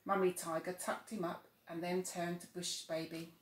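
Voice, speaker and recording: A woman reading a children's bedtime story aloud, soft and expressive. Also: lowish voice, normal speed, noisy background. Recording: echoey room.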